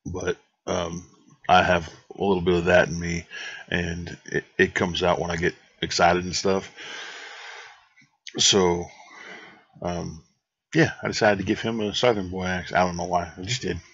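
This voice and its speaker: Deep husky gamer rambling over gameplay. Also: male voice, flat delivery, measured pace, pauses often, a bit bright, no room sound, highs cut off. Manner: rambling and joking, with restarts. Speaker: gaming channel host. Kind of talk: let's play commentary.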